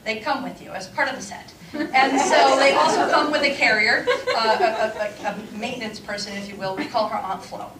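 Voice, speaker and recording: A brash woman in her fifties does a confessional stand-up set on stage before a live audience, laughing through her punchlines. Her voice is fairly high and brisk, heard from far off in an echoey room with background noise and a loud crowd.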